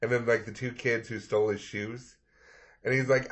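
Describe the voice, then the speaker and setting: A man's voice: medium pitch, normal speed. A man co-hosting a comedy news podcast, chatting casually, laughing often and acting out quotes. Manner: laughs often, animated mock quoting. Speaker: podcast co-host.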